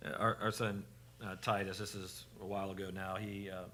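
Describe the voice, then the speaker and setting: Low-ish bright voice, guy on a church panel, stops and restarts a lot, pokes fun at himself. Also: little pitch movement. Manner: self-deprecating, halting with many restarts. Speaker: pastor on a parenting panel.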